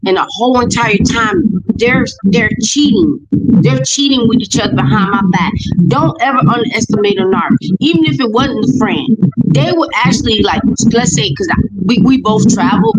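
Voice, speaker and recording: A woman's voice: fairly high pitch, animated, normal speed. A woman talking in a blunt, emphatic way, often swearing, telling a personal story in casual chat on a noisy stream.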